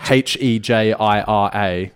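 This lowish male voice is slow, clear and resonant as he trades dry, teasing banter on a radio show he co-hosts. He uses a studio mic with headphones.

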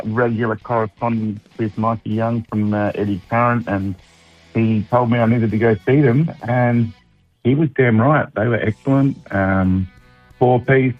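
A man's voice: mid-range voice, no echo, lo-fi sound. A man with an Australian accent calling in to a radio show, chatting in an easygoing, rambling way with dry humour. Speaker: caller. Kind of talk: casual chat on air. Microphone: phone.

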